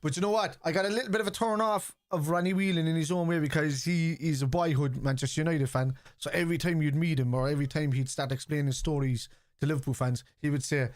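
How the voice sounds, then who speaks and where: Fairly high in pitch, he talks quickly with few pauses in a studio-quality recording with no room sound. This middle-aged streamer keeps up casual chat during a football watchalong, reacting to the match, reading out messages, and getting excitable at big moments.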